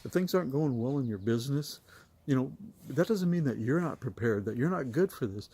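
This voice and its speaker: A man's voice: medium pitch, expressive, fairly quick, dark tone, slightly rough. A middle-aged man telling his own story in a casual, rambling way with many fillers and restarts.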